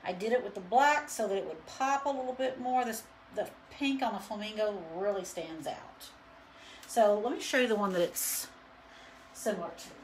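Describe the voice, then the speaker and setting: A woman's voice: mid-range voice, normal speed, a little hiss or hum. A woman chatting casually through a live painting demo, rambling with lots of fillers. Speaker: painting instructor and studio owner. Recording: roomy echo.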